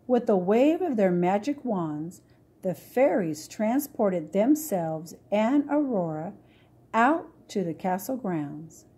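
Woman reading a storybook aloud, lilting, lively intonation, husky, mellow. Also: mid-range voice, slow pace. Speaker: storybook reader.

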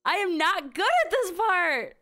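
A woman's voice: extremely high pitch, lively intonation, measured pace, a bit bright. A woman playing a horror game and commenting, frightened, repeating herself and swearing. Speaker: gamer. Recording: noisy with game sound behind.

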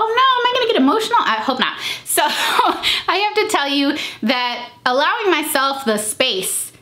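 A young adult woman talking casually and openly in a vlog, chatty and animated, jumping into high voices when she quotes people. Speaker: vlogger. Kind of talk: casual confidence chat.

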